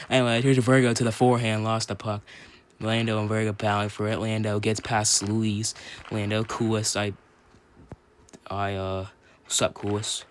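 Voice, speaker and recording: A man's voice: lowish voice, slight background noise. Young man doing loose hockey play-by-play. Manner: rambling, self-correcting, bursts into excited shouts on goals. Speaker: amateur play-by-play commentator. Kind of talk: casual play-by-play commentary. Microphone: phone.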